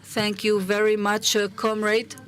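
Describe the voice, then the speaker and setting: A woman moderating a conference panel, halting with fillers and leading the crowd in call-and-response chants. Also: mid-range voice, completely flat delivery, fairly bright tone.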